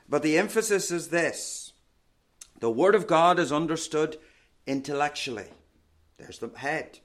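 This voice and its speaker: A man preaching a sermon in a measured, emphatic teaching manner, often asking rhetorical questions. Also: medium pitch, a bit bright.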